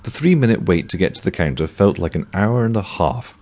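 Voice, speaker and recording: A man's voice: low-pitched, very animated, fairly quick, darkish tone. A man narrating a comic novel with a dry, wry delivery. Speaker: audiobook narrator.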